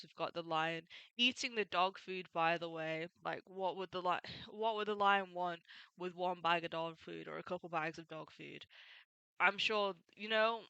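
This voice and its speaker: Bright, crisp woman chatting casually. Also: fairly low pitch, no echo, poor audio. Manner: chatty, opinionated, fond asides. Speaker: manga recap YouTuber. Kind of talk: casual chat retelling a comic.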